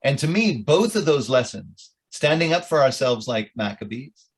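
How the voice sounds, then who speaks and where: A man's voice: mid-range voice, very animated, normal speed, breathy edge. A middle-aged rabbi telling stories with jokes and asides to his audience at a club meeting. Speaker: rabbi, guest speaker. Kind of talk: informal talk at a club meeting.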